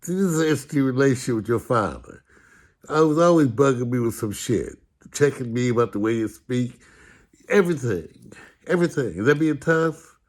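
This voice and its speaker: A man's voice: mid-range voice, fairly quick. Sarcastic man telling humorous stories. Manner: sarcastic, animated, with casual profanity. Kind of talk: humorous storytelling talk.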